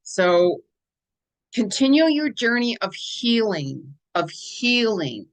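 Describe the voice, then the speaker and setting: A woman's voice: fairly high pitch, sing-song, slow. A woman hosting a spiritual guidance channel, talking casually through a weekly forecast in a chatty, rambling way and repeating words for emphasis.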